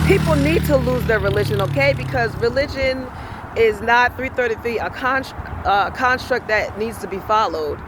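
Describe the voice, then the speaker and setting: A man's voice: very high-pitched, normal speed, noisy background. A man telling a heated story in a casual, profane rant, acting out both sides of an argument. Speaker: self-styled spiritual vlogger.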